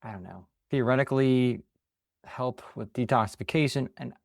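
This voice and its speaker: A man's voice: mid-range voice, normal speed, vocal fry, a little mellow, dry recording, clean studio sound. Hesitant, laid-back male co-host. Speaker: podcast co-host. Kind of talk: casual podcast chat.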